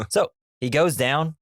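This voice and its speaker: A man's voice: fairly high pitch, no echo, clean studio sound. A man co-hosting a movie podcast, casually retelling a film's plot with jokes. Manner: laid-back, jokey retelling of plot. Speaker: podcast co-host. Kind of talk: casual movie recap chat.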